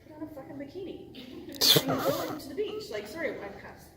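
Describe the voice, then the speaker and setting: A woman's voice: high voice, very animated, moderate pace, a crowd in the background. Rambling, cussing woman in an echoey hall. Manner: rambling and self-interrupting, cusses, laughs often. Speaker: voice actress on a convention panel. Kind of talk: casual panel talk. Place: large convention hall. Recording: echoey hall from far off, noisy.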